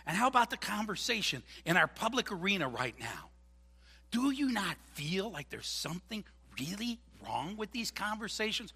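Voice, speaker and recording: A man preaching a sermon as pastor, animated and joking, acting out voices. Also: high voice, moderate pace, slightly rough, in a large hall. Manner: animated, jokey, acts out voices. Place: church.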